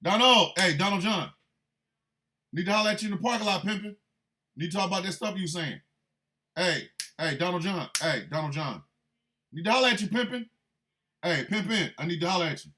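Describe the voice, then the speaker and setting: A man's voice: high-pitched, brisk, bright, forceful tone. A man playing a riled-up male senator who keeps calling a rival out to the parking lot, with insistent, repetitive taunting.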